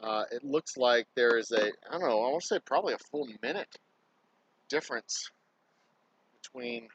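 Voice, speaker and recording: A man in a mid-range voice, talking loosely and a bit scattered as he works through a task on a livestream. He swears freely, thinks out loud and chats to viewers between jobs. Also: medium pitch, expressive, moderate pace, slightly rough, rough recording. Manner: rambling, swears freely, talks to himself while working. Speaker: distillery owner livestreaming. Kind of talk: casual livestream chatter. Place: indoors at a distillery workspace.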